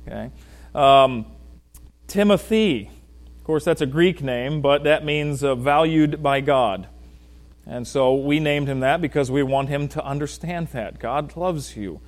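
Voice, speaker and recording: A man's voice: a little high, a little slow. Folksy man preaching to his congregation. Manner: folksy, joking, addresses the congregation by name; swings from loud emphasis to quiet asides. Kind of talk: sermon. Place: church.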